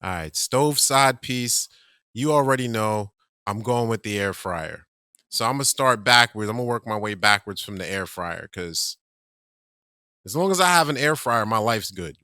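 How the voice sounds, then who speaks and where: An easygoing man joining a casual podcast chat, his voice bright and forward in a dry, close-sounding space. He answers quickly and without fuss. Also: lowish voice, animated, no room sound.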